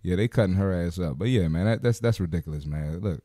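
A man's voice: low-pitched, quick pace, heavy background noise. A man hosting a podcast, reacting to video clips with blunt, joking, slangy trash talk. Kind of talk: casual reaction commentary.

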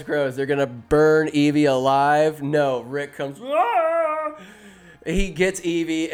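A man casually recapping a movie scene by scene, talking fast and animated, with quick impressions of the characters. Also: fairly high pitch.

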